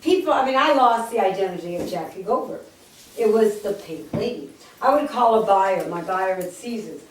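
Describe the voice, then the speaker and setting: Older woman in her 80s spinning lively, jokey stories for an audience, recorded from a distance in a very echoey hall. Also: medium pitch, moderate pace, a little hiss or hum. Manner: lively, jokey storyteller, acts out quotes. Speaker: speaker telling her life story. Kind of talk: storytelling talk to a live audience. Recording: echoey room, distant mic.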